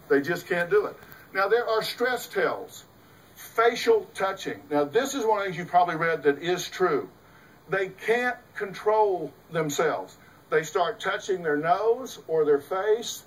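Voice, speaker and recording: A man's voice: high-pitched, a bit bright, recorded from a distance, rough recording. A middle-aged man, a host and psychologist, giving an emphatic, folksy talk to an audience, full of rhetorical questions. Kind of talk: lecture to a live audience.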